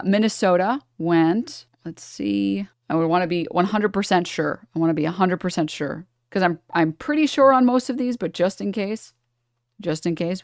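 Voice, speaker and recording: A woman's voice: lowish voice, creaky, darkish tone, no room sound, studio quality. A woman from New York streaming live, talking to her chat and thinking aloud over charts in a sarcastic, condescending tone.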